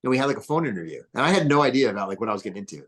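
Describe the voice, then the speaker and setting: A man from New Jersey, a podcast guest, telling stories in a casual, rambling way with lots of fillers and bursts of excitement. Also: mid-range voice, very fast. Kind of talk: casual interview storytelling.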